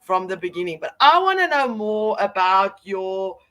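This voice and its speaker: A woman interviewing a guest in a casual chat, loud and excitable, laughing often. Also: medium pitch, moderate pace.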